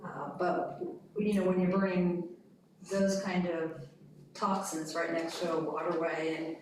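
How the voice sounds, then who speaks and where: A woman's voice: lowish voice, flat delivery, measured pace, darkish tone, slight background noise. A woman on a city committee talking casually and emphatically, rambling at times, in a public meeting. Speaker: committee member. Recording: echoey room from far off.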